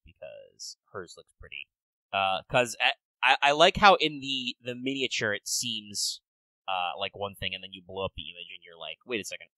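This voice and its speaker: A man co-hosting a podcast in casual chat, rambling and swearing with quick bursts of excitement. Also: fairly low pitch, dry recording, poor audio. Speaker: podcast co-host.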